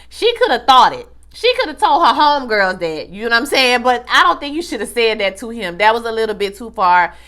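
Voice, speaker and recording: A young woman giving a casual, slangy TV episode recap, animated and acting out the characters' lines. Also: on the high side, a little fast, hardly any pauses. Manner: animated, slangy, acts out dialogue. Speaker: TV recap vlogger.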